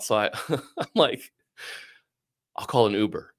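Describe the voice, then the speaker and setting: A middle-aged man telling a long story casually, animated, swearing and acting out what others said. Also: medium pitch, moderate pace. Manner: animated, swearing, acts out quoted voices. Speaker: podcast guest.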